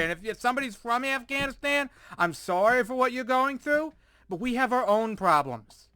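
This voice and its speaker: With a high-pitched, sharp voice and no echo, an American commentator tears into news articles. Frustrated and profane, he rants sarcastically, sighs a lot, and keeps repeating himself.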